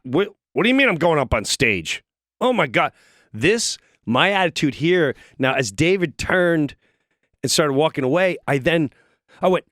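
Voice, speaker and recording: A middle-aged man tells a story with a lot of energy, throwing his voice into the people he quotes. His pitch swings up and down a lot over a fairly high register. The studio sound is close and dry. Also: dry recording. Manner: acts out voices in his stories, lively and excitable. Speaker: comedian guest. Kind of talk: animated storytelling.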